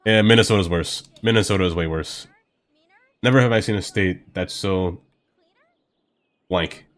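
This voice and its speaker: A man's voice: low-pitched, moderate pace. A man from Brooklyn chatting casually with viewers while he plays a building game, rambling and thinking aloud with many fillers. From Brooklyn, New York. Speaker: game streamer.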